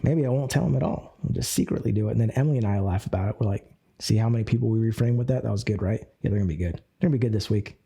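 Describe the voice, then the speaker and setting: A man leading a live group coaching session, energetic and animated, acting out phone calls and shifting his speed and tone as he teaches. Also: fairly low pitch, rapid-fire, creaky, breathy edge. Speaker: network marketing coach.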